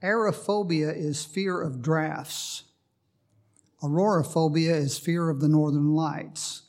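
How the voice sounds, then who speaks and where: Slow, high-voiced male preacher. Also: darkish tone. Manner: storytelling with a joking aside, then Bible reading. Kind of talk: sermon.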